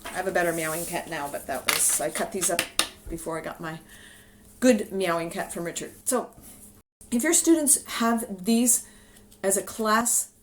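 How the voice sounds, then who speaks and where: A woman's voice: fairly low pitch, normal speed, slight background noise. Woman explaining teaching cards to camera. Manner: relaxed, explanatory, talks directly to camera. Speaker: music teacher. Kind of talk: instructional video talk. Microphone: camera she films herself with.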